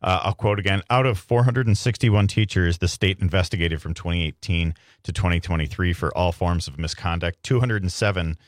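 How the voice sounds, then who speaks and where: A very deep-voiced man talks through political news on a podcast at a measured pace, hesitating with fillers. His voice is close and dry. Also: no room sound. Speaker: podcast co-host. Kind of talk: political discussion.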